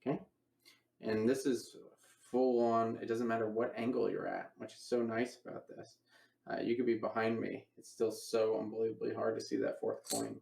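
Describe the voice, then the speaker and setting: A man's voice: lowish voice, expressive, moderate pace, creaky, darkish tone, echoey room, low-quality recording. A man teaching a coin magic routine in a casual online lecture, explaining each step and acting out his patter. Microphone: online voice call.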